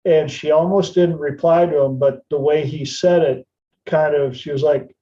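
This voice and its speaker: A man's voice: a little high, fairly even intonation, moderate pace, warm tone, highs cut off. A man hosting a podcast, telling a story in a casual, chatty way and putting on playful voices for the people in it. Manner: retells anecdotes, slipping into playful voices for the people in them. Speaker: podcast host.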